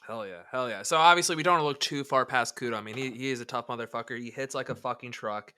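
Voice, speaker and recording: A man's voice: medium pitch, quick pace, bright, forceful tone, smooth. A male podcast host in casual chat, hyped, eager and profane.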